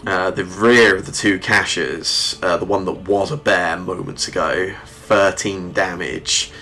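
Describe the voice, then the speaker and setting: A man narrating a tabletop game as game master, halting often with "sort of" and restarts. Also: sits low, steady tone, bright, forceful tone, soft background music.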